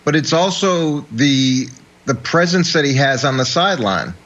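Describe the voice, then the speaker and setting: A man's voice: a little high, lively intonation, normal speed, fairly bright tone, highs cut off. A middle-aged man, a former football coach, giving analysis on a sports talk show, often restarting and repeating words as he thinks.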